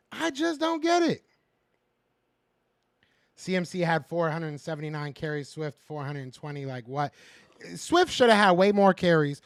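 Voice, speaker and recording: A podcast host with a high-pitched, fairly bright male voice rants in frustration on a casual fan show, repeating himself as he answers viewers in the live chat. The recording is dry and studio quality.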